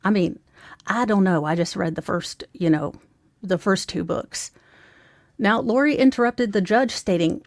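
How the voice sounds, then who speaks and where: Female commentator, sarcastic and rambling, mid-pitched voice, dry close recording. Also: expressive, a little slow, a little mellow, dry recording. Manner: snarky, mocking, rambling with asides; talks to her viewers. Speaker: true crime commentator.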